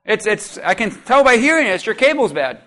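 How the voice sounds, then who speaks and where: A man's voice: sits high, very animated, fairly quick, bright, forceful tone, exaggerated voice. A man doing an offhand neighbor mechanic. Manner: offhand and stammering. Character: casual, matter-of-fact male neighbor mechanic.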